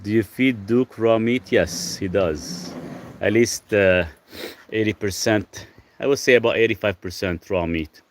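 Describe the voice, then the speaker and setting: Casual stream host, man, low-pitched, unhurried, rambling answers, faint background hiss. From Lebanon. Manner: relaxed, rambling, talks softly to his dog between questions. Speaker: health channel host answering live chat. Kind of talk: casual livestream chat.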